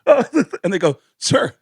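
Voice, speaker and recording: A man, a comedian guest in a radio studio, telling stories with lively character voices and big pitch swings. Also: slightly rough, no room sound. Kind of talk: animated storytelling. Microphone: studio mic.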